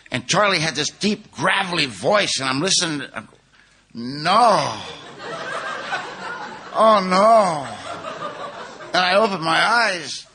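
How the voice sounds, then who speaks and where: A man's voice: fairly high pitch, bright, forceful tone, slight background noise. A man from California speaking at a recovery conference, telling his own story in a conversational way and acting out what others said. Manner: storytelling, conversational, acts out quotes. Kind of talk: recovery meeting talk. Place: conference hall.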